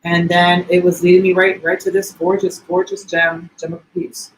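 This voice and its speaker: A man's voice: high voice, flat delivery, moderate pace, a little hiss or hum. Effusive chatty man in echoey room. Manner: chatty, effusive, tells stories. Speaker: co-host. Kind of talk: casual livestream chat. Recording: echoey room with faint ambience.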